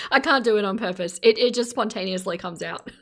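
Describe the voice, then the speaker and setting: A woman's voice: mid-range voice, lively intonation, moderate pace, slight background noise. An Australian woman chatting casually on a live stream, laughing often and teasing her chat. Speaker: streamer reacting to videos.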